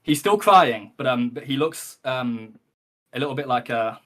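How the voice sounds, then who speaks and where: A man's voice: mid-range voice, expressive, moderate pace, a bit bright. A man narrating a tabletop game as game master, rambling along with many ums and likes and the odd swear word.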